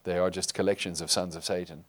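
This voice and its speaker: A man preaching a sermon to his congregation, emphatic, rising loud and falling quiet. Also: deep voice, level tone, fast talker. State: tearful while reading scripture. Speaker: pastor.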